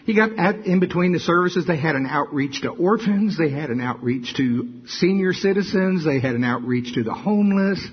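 An older man preaching a sermon full of stories, talking in an animated, folksy way that often repeats itself. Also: fairly high pitch, husky, muffled recording. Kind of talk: sermon with storytelling.

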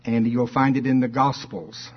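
A man preaching a sermon, reading scripture slowly with dramatic stress and firing off rhetorical questions. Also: mid-range voice, fairly even intonation, slightly rough, dull audio. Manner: fervent, rising to emphatic exclamations and rhetorical questions.

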